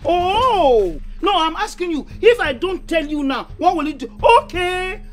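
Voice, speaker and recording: A woman's voice: very high-pitched, expressive, measured pace, faint music behind. An actress with a Nigerian accent playing a scornful woman who mocks and taunts her rival. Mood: taunting. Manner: mocking, taunting.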